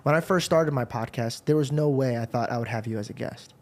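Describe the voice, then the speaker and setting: A man's voice: mid-range voice, a little fast, a little mellow. A man hosting a podcast, telling his faith story in an earnest, rambling way. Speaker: podcast host. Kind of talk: casual faith conversation.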